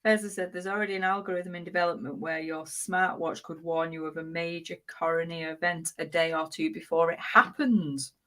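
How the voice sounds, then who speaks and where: A woman's voice: lowish voice, little pitch movement, fairly quick, hardly any pauses, fairly bright tone. A middle-aged woman co-hosting a casual live chat, reading viewer comments, teasing and laughing often. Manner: giggly, teasing, laughs a lot.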